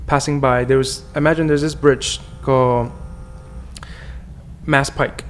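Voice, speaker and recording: A man's voice: medium pitch, steady tone, measured pace, slight background noise. A man from China, a podcast guest telling his life story earnestly and candidly, often restarting his sentences. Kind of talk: personal storytelling in conversation.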